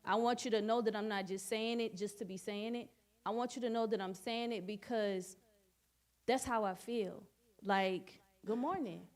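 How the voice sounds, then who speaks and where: A woman's voice: medium pitch, fairly even intonation, moderate pace. A woman speaking at a church Bible study, giving a personal testimony in an earnest way and repeating phrases for emphasis.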